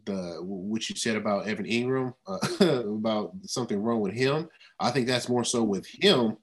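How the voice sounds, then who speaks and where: A man's voice: lowish voice, normal speed, slightly rough. A man who once played the game, chatting as co-host in a laid-back way, often trailing off. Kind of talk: casual sports talk.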